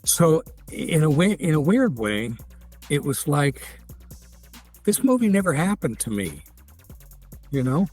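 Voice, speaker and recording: A man's voice: on the high side, sing-song, a little slow, pauses often, darkish tone, faint music behind. A man in his seventies, a guest actor in a casual interview, rambling through stories with many restarts and fillers. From United States. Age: 70s.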